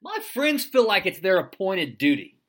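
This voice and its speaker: Male co-host, very animated intonation, playful interviewer who drops lyrics into the chat. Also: high voice, normal speed. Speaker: podcast co-host asking questions. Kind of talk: comedic podcast chat.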